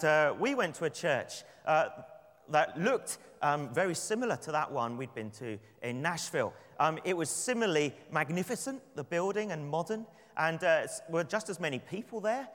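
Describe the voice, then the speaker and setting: A man from London with an English accent, preaching a sermon and telling personal stories in a relaxed, conversational way. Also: on the high side, moderate pace. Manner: conversational, anecdotal, with light laughs. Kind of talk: sermon with prayer and storytelling. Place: church. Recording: long church reverb.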